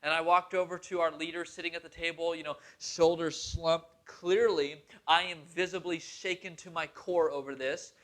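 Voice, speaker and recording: Earnest bright-voiced young pastor. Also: male voice, a little high, steady tone, moderate pace, hardly any pauses. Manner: earnest, conversational, with a laugh now and then. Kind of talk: sermon storytelling.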